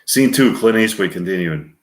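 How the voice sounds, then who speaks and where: A man casually reading voice-acting practice scenes, musing offhand between them and trailing off quietly. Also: sits low, animated, normal speed. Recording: roomy echo.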